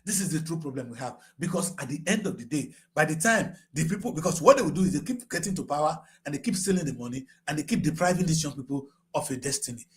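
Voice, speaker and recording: Speaking quickly with hardly a pause, a Nigerian English-accented man in his sixties delivers fiery political commentary. His high voice leaps around, sinking into low, solemn tones before climbing into shouts, and his delivery is animated throughout.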